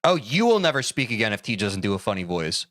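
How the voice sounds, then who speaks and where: A male streamer talking casually with his chat, with lots of movement in his pitch. He sounds animated, jokey and self-deprecating as he responds to messages. The recording is dry and close, with little room sound. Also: fast, dry recording.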